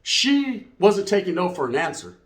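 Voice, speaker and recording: A man's voice: high voice, very animated, moderate pace, a bit bright. A middle-aged man, telling a comic story in streetwise slang and tagging lines with "right?". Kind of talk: comedic storytelling. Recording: roomy echo.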